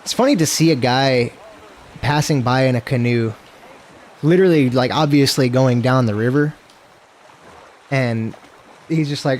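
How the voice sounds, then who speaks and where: A man's voice: medium pitch, a little slow, long pauses, a little hiss or hum. Man chattering casually over a game stream. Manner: loose, profane, self-mocking chatter. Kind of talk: casual gameplay commentary.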